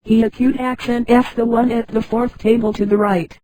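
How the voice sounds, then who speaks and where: A woman narrating a science fiction story in a flat synthetic reading that speaks punctuation names aloud. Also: fairly high pitch, moderate pace, dry recording, rough recording. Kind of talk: scripted narration.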